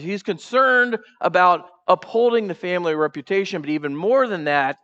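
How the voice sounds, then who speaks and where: A male pastor preaching a sermon, animated, acting out the characters' voices and putting questions to the congregation in a church. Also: high voice, moderate pace, hardly any pauses, muffled recording. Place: church sanctuary.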